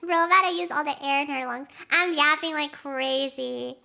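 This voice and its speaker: Young woman streamer, high bright voice, rambling and excitable, acts out quotes. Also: normal speed, gravelly. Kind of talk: casual chat with stream viewers.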